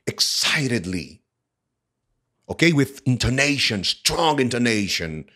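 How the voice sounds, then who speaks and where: A Portuguese-speaking man with a Brazilian accent leads an English lesson, repeating each phrase several times. He asks questions and answers them himself. His voice swings widely in pitch while his pace stays slow and careful. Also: lively intonation, a bit bright. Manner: switches between English and Portuguese. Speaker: English teacher. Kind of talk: language lesson reading and explaining a story.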